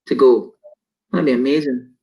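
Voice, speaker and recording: A man's voice: medium pitch, steady tone, normal speed, vocal fry, highs cut off. A man co-hosting a casual chat, rambling and laughing as he loses his train of thought. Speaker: co-host.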